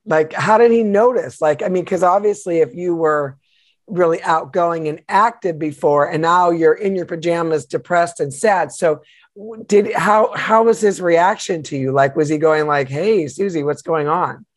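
A woman's voice: fairly low pitch, normal speed, no room sound. A woman hosting an interview, affirming her guest and asking probing follow-up questions. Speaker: host.

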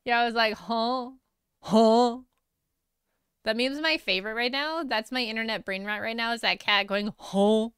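A woman streaming as an artist, chatting casually with viewers while she draws, self-deprecating and quick to laugh, on a close mic. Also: fairly high pitch, pushed and bright, clear, resonant tone, no echo.

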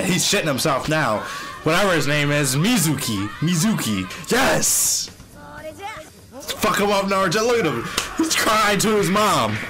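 A young man reacting to an anime episode on camera, his voice bouncing between mumbles and yelps across a wide pitch range. He swears freely, leans on slang and gets openly emotional, with a slightly raised pitch and faint music behind him. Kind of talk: live reaction commentary.

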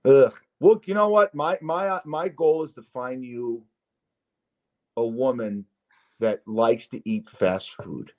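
A man's voice: mid-range voice, takes it slowly. An older man hosting a podcast in casual chat, teasing and rambling and talking over his guest. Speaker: podcast host. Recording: dull lo-fi sound.

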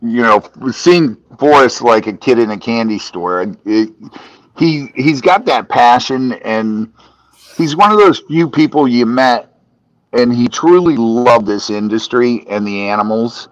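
A man guesting on a podcast, spinning animated stories and acting out what his friends said. His voice rises and falls freely at a slow, unhurried pace. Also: mid-range voice, no room sound, poor audio. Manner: animated storytelling, acting out friends' lines and laughing. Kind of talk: casual podcast chat.

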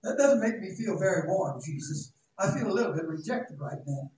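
Male pastor, high-voiced, dramatic and folksy, heard from far in a big echoing sanctuary. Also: animated, brisk. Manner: dramatic, shouting at peaks, folksy asides. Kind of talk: sermon. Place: church sanctuary. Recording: echoey church, distant mic, faint noise.

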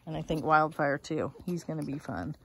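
A woman's voice: deep voice, lively intonation, normal speed, slight background noise. A woman filming puppies outdoors, chatting casually and laughing often, cooing at the dogs in a baby-talk voice. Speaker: dog breeder. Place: outdoors in a dog yard. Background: puppies and dogs playing.

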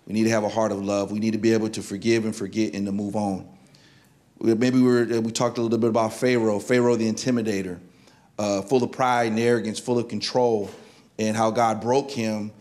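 A man's voice: on the low side, fairly even intonation, fairly quick, a little mellow. Man preaching with storytelling repetition. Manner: storytelling, repeats key words for emphasis. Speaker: pastor. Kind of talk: sermon.

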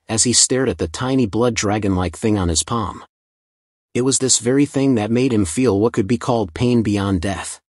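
A man narrating a fantasy story recap in a measured, scripted reading. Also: mid-range voice, breathy edge, no echo, studio quality.

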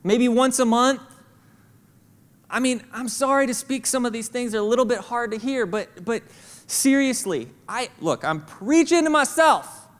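High-voiced pastor preaching in a reverberant hall. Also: male voice, normal speed. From St. Louis, Missouri. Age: adult with kids. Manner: conversational, animated, acts out voices of God and children. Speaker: senior pastor. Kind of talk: sermon. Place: church auditorium.

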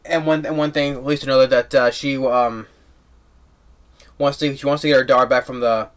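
A man giving a casual, rambling movie review and recapping the plot excitedly with lots of restarts. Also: medium pitch, fairly quick.

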